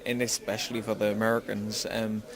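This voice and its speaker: Young geordie guy talking slow n careful, busy crowd chatter behind him. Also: lowish voice, little pitch movement. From Newcastle, England. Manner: slow, careful speech, tries to sound articulate. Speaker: fighter. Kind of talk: interview.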